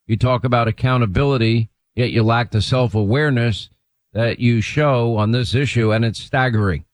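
A man hosting a radio talk show, speaking briskly and emphatically as he sets up his guest. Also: mid-range voice, dry recording, low-quality recording. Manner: brisk, emphatic, reads quotes aloud.

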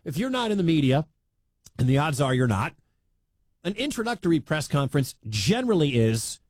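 A man's voice: on the high side, fairly quick, no room sound. A man from the American Midwest hosting a sports talk radio show, rambling and laughing as he comments. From Midwestern United States. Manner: animated, rambling, laughs at the story.

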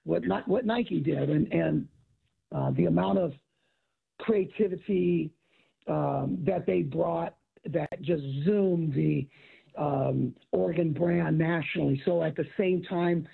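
Middle-aged male ex-coach, raspy and high-pitched, animated storyteller; phone-quality audio. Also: takes it slowly. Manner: animated storyteller acting out quotes. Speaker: guest, author and former football coach. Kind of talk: casual storytelling conversation.

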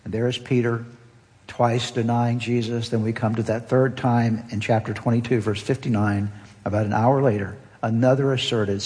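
A pastor preaching a sermon, earnest and emphatic, repeating key phrases for weight. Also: male voice, medium pitch, level tone, moderate pace, dark tone. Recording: long hall reverb.

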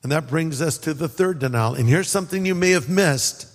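A man's voice: on the high side, brisk, big-room sound. A man from California preaching a sermon in a conversational style, acting out quotes and joking with the congregation. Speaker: pastor.

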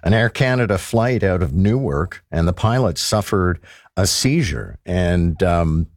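Talk radio host, male, very low voice, brisk conversational delivery, dry studio sound. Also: expressive, dry recording. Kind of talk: radio talk show interview.

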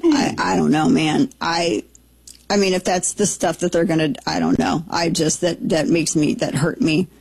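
A woman hosting a talk radio show, reacting with incredulous, quick asides and restarts. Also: low-pitched, steady tone, gravelly, darkish tone, husky, dry recording. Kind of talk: casual talk radio commentary. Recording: dry studio sound.

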